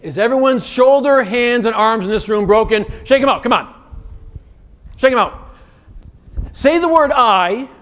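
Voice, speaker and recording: A man giving an interactive keynote as a communication coach, energetic and firing quick commands at the audience. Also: extremely high pitch. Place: conference stage in a large hotel venue.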